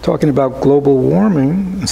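A man giving a relaxed, conversational dharma talk to a small group as a Buddhist teacher, often asking rhetorical questions and adding "right?". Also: a little high, measured pace, gravelly, breathy edge, low-quality recording.

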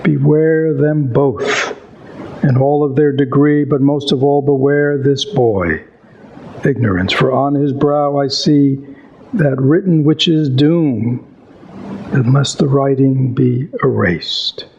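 A man voicing a solemn ghostly spirit with slow, grave warnings, read aloud from a storybook. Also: mid-range voice, creaky, darkish tone, highs cut off, slight background noise.

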